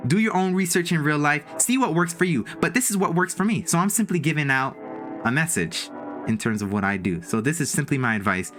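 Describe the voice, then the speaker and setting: A woman livestreaming from a room at home, giving casual motivational talk to her chat in an emphatic, playful way with swooping exclamations. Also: deep voice. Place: room in a house.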